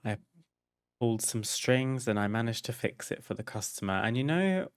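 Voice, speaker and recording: A man's voice: mid-range voice, expressive, moderate pace, clear, resonant tone. A man streaming a game, chatting casually and candidly as he tells a personal story, laughing and swearing freely. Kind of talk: casual storytelling over gameplay.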